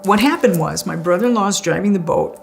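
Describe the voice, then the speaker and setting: This guest talks fast in a low, gravelly voice, recounting her near-death experience conversationally and laughing often, with soft music in the background.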